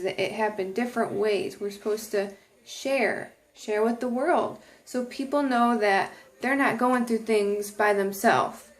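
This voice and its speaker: A woman talking earnestly to camera in a casual inspirational vlog, with many ums and restarted sentences. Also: a little high. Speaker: vlogger.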